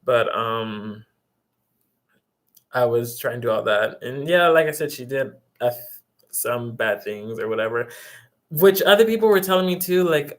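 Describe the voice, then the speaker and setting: A man's voice: mid-range voice, animated, moderate pace, long pauses. A young man vlogging, casually retelling a story, rambling with lots of fillers and some exasperation.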